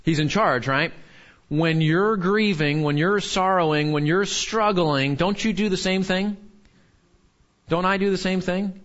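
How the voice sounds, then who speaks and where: A man's voice: high-pitched, unhurried, fairly bright tone, dull audio. A man teaching a Bible lesson to a class in a conversational way, often asking "right?" and repeating key points for emphasis.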